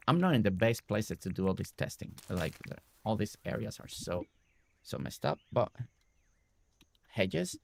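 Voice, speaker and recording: A man's voice: fairly low pitch, creaky. A man casually talking viewers through his building ideas on a live game stream, rambling with many fillers and restarts.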